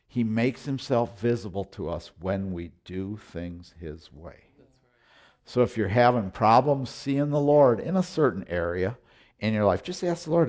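A middle-aged man preaching a sermon as pastor, emphatic, often repeating words and swinging from loud declarations to hushed, tender moments. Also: on the low side.

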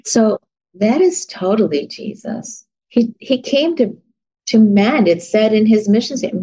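Woman Bible study leader, unhurried and folksy, gravelly voice, dull lo-fi recording. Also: on the high side, lively intonation, warm tone. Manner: chatty, laughs at herself, searches notes aloud. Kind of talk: informal Bible lesson.

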